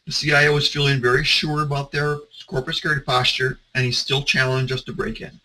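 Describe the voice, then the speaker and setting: A man's voice: mid-range voice, little pitch movement, fast, pushed and bright, poor audio. A man presenting as a security consultant, telling stories in a conversational way, with some restarts. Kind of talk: presentation talk.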